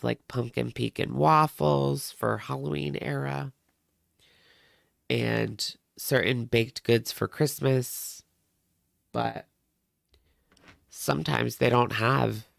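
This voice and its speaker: A man with a heavily gravelly, fry-laden voice hosts a reaction livestream, talking at an unhurried pace. He rambles and chats straight to his viewers. The sound is dry and close, with no room around it. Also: mid-range voice, fairly bright tone, no room sound. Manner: chatty, rambling, talks to viewers. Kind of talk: casual livestream chat.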